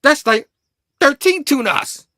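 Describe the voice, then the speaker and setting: A goofy, boastful superhero, as a man puts him on hams up the telling of his own comic adventure. The voice sits above the man's usual pitch and is recorded close and dry. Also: lively intonation, moderate pace, a bit bright, dry recording. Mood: excited. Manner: goofy, theatrical. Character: silly, boastful male superhero storyteller.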